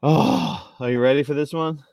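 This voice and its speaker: A man chatting casually as a podcast host, telling a story in an excitable, profane way and often trailing off mid-sentence. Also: a little high, normal speed, creaky. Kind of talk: casual chat. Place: at home.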